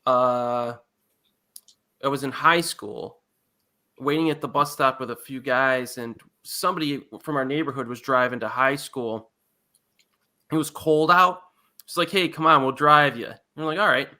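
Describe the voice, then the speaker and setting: Male co-host, bright tone, laid-back casual storyteller. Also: medium pitch, a little slow, long pauses. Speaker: podcast co-host. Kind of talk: casual chat.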